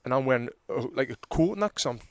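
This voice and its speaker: Animated man telling stories. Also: mid-range voice, racing, no room sound. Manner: animated storyteller who acts out arguments loudly. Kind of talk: casual chat, storytelling.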